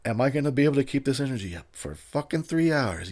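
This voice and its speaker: A man's voice: mid-range voice, expressive, fast, a little mellow. Tipsy man rambling through movie commentary. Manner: rambling, laughing often, loose. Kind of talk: casual drunken movie commentary.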